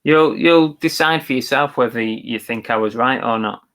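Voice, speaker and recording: A chatty man co-hosts a casual livestream and reads viewer comments aloud. His voice sits at a middling pitch for a man. He thinks aloud, agrees easily and restarts his sentences as he goes. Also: moderate pace, a bit bright. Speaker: co-host of a live reselling show. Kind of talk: casual live-stream chat, reading viewer comments.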